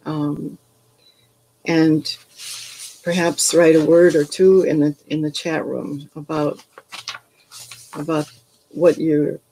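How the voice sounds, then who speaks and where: Slow, thoughtful older woman teacher. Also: sits low, warm tone, slight background noise, poor audio. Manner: slow, thoughtful, with frequent ums and restarts. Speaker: retired English professor leading a poetry workshop. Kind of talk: reflective workshop talk with poetry readings.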